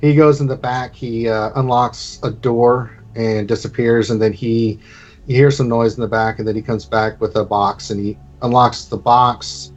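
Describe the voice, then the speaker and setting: A man's voice: medium pitch, steady tone, moderate pace, dull audio, soft background music. A man narrating as game master of a tabletop game, in a loose, rambling way.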